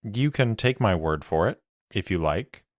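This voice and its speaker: Cool, guarded woman spy in a tabletop story, voiced lightly by a man, unhurried and low. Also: animated, dry recording, studio quality. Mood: cool, cryptic.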